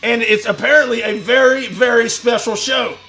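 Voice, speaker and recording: A man with a strikingly high, gravelly voice holds forth like a wrestling promo on his own livestream. He is boastful and foul-mouthed, and he breaks into shouts. His tone is bright and forceful. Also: steady tone, normal speed, a little hiss or hum. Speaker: livestream host in a wrestler persona. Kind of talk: brash wrestling promo talk.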